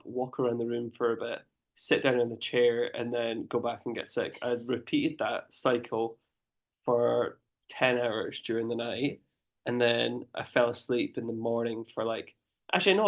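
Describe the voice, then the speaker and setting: A man co-hosting a podcast, talking bluntly and graphically in casual chat. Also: mid-range voice. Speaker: podcast co-host.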